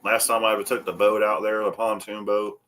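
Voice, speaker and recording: This co-host has a fairly low voice and talks a little fast. Telling casual stories in a chat, he curses freely and acts out the people he quotes in a raised, animated voice.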